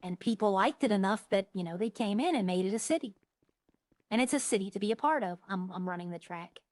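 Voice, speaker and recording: A woman's voice: mid-range voice, fairly quick, dry recording. A woman streamer chatting casually and rambling through stories while she plays a role-play game. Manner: rambling, chatty, animated when retelling stories.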